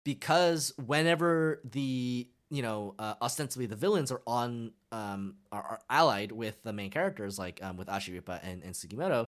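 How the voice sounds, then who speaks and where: A podcast co-host in casual chat, retelling scenes excitedly with lots of fillers and restarts. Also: mid-range voice, normal speed, hardly any pauses.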